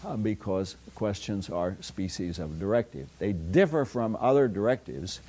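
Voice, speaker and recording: An older man lectures a university class, a somewhat low voice. He rambles through anecdotes, stopping often for fillers and starting sentences over. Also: animated, moderate pace, mellow. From United States. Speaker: philosophy lecturer. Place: lecture hall.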